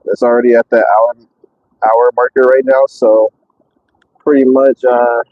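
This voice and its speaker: A man driving a truck, chatting casually on a live stream, excitable and rambling with many fillers, out of breath. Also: medium pitch, a little slow, no echo, narrow, tinny audio. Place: in and around a truck.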